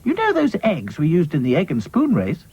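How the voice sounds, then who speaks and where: A man voicing a bossy, energetic female rag doll in a children's cartoon. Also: a little high, breathy edge, lo-fi sound, pitched above the performer's own voice, full character voice. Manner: brisk and bossy.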